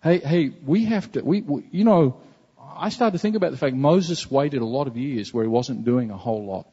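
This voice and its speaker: A man's voice: mid-range voice, animated, moderate pace, mellow, slightly rough. A man preaching a sermon as a pastor, earnest and conversational, often repeating himself. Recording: dull, reverberant hall recording.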